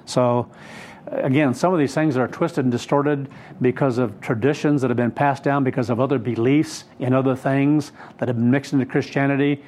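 A man preaching a sermon, retelling a scripture story in an unhurried, emphatic way with frequent fillers. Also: mid-range voice, fairly even intonation, a little mellow.

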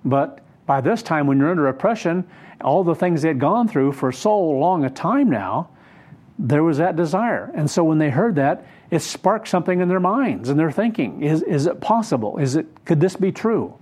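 A man preaching a sermon, retelling a scripture story in an unhurried, emphatic way with frequent fillers. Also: a little high, animated, a little mellow.

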